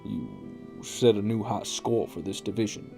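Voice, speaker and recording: A man reads a cheerful, encouraging young club member from a visual novel in a low, gravelly voice. Faint music runs behind him. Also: sing-song, a little slow, mellow, heavily acted. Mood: proud.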